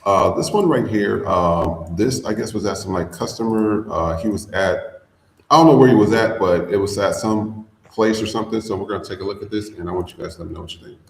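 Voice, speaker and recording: A man's voice: fairly low pitch, a little fast, echoey room, a little hiss or hum, low-quality recording. A man hosting a podcast in casual commentary, blunt and profane, drawling with fillers. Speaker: podcast host.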